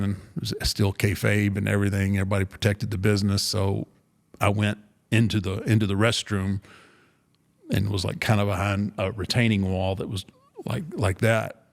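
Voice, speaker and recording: Speaking with fairly low pitch and vocal fry, an older man who used to wrestle animatedly recounts a story on a podcast. He acts out what people said and keeps restarting his sentences.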